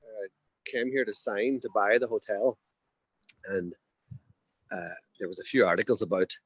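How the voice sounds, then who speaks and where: A man's voice: on the low side, unhurried, breathy edge, no echo. A man, a hotel owner in the Alps, chatting as a guest on a video call, rambling and correcting himself as he tells his story. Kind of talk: casual video chat.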